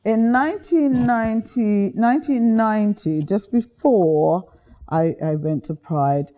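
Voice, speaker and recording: Chatty woman with a mellow voice. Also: medium pitch, measured pace. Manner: lively, chatty, slips into voices while telling stories. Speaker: guest. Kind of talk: animated storytelling.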